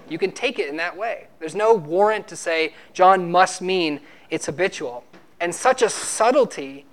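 A man preaching a sermon, arguing emphatically and teaching with rhetorical questions. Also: sits high.

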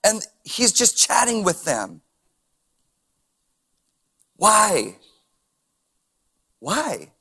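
A man's voice: sits high, big pitch swings, drawn-out words, long pauses, sharp tone, slightly rough. A man preaching a sermon as a pastor, reading scripture and adding casual chuckling asides and rhetorical questions.

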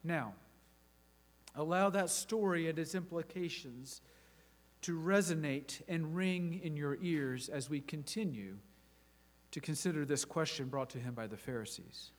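Guy with a high voice preaching, reads scripture slow and expressive, big echoey hall. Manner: measured, expressive reading that rises for quoted speech. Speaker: pastor. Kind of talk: sermon with scripture reading. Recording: reverberant hall recording.

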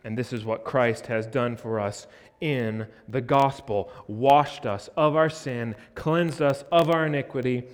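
American male pastor, slow deliberate sermon delivery, emphatic, long church reverb. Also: mid-range voice. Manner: earnest, emphatic preaching with forceful rises. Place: church sanctuary.

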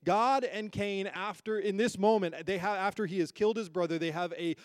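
High-voiced emphatic male preacher. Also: brisk, no room sound, clean studio sound. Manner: emphatic preaching with rhetorical questions. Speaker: pastor. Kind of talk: sermon. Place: church hall with a congregation.

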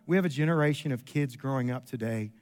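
A middle-aged man preaching a sermon in a church, an animated storyteller who jumps his pitch up for quoted lines. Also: quick pace, faint music behind. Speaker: pastor. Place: church sanctuary.

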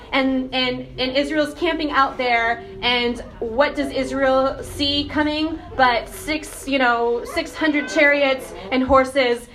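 High-voiced woman preaching conversationally. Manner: conversational, animated, asks the congregation questions. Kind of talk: casual sermon.

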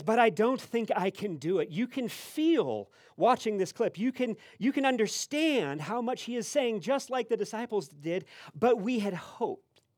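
This man's voice sits high, and the recording is clean studio sound with no room audible. He's a pastor giving a conversational sermon, telling a story animatedly with plenty of fillers and restarts.

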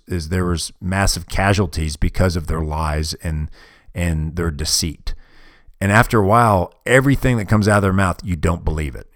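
With a low voice, this man in his forties hosts a podcast, rambling through a casual monologue that's blunt, profane and full of restarted sentences. The podcast mic captures studio-quality audio with no room sound.

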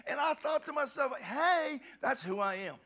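A man preaching a passionate sermon as a pastor, often shouting and stumbling over restarts. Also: very high-pitched, animated, brisk.

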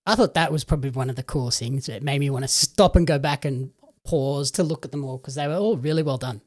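Male co-host, easygoing casual review chatter, mid pitch, loose with fillers. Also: quick pace. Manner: relaxed, agreeable, filler-heavy. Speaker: co-host commentator. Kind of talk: casual film review chat.

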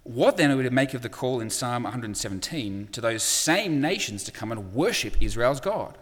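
Male preacher, middle pitch, chatty sermon delivery, fillers, reverberant church hall. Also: animated, normal speed. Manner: conversational, with frequent "uh" fillers and acted quotes.

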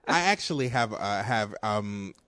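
A man's voice: lowish voice, animated, unhurried, sharp tone, no room sound, clean studio sound. A man co-hosting a podcast, telling rambling stories in casual chat, full of fillers and swearing. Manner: profane, rambling storyteller with frequent fillers. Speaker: podcast co-host.

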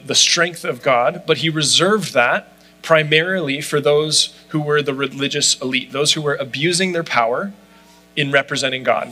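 Guy preaching a sermon, kinda high voice, very bright, says like a lot. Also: poor audio. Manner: conversational, frequent "like" fillers. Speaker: pastor.

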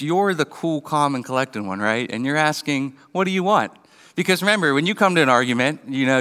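A man in his thirties preaches in a relaxed, joking way, slipping into little acted-out scenes. His voice is bright and crisp, a touch high for a man. It rings with a long reverb, as in a church hall. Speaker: pastor. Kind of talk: sermon.

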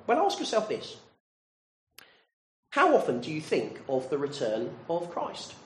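A man's voice: on the high side, very animated, moderate pace, long pauses. A man preaching a sermon, earnestly putting direct questions to his listeners. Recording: roomy echo.

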